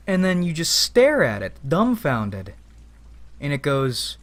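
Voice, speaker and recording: A man's voice: on the high side, wildly swooping pitch, takes it slowly, a bit bright. A man giving a rambling, philosophical spoken monologue as a vlogger, with casual profanity.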